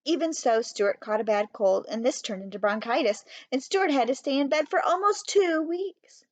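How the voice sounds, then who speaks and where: A woman reading a children's storybook aloud in a steady, clear way. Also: sits high, moderate pace, no room sound. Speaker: audiobook reader. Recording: dry, slightly muffled.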